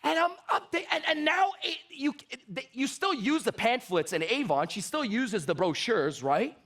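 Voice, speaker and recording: A man giving an energetic stage talk on sales, telling animated stories and acting out the dialogues. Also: very high-pitched, normal speed. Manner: animated storytelling, acts out dialogues. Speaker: motivational sales speaker.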